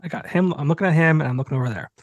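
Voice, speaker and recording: Husky man telling a rambling story. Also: on the high side, rapid-fire, dry recording, highs cut off. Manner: rambling storytelling, many restarts, acts out quotes. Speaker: podcast host. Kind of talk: casual chat.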